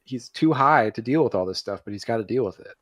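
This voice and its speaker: A man's voice: medium pitch, animated, fast talker, dry recording. A man co-hosting a casual podcast, rambling through his thoughts with fillers and restarts. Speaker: podcast co-host.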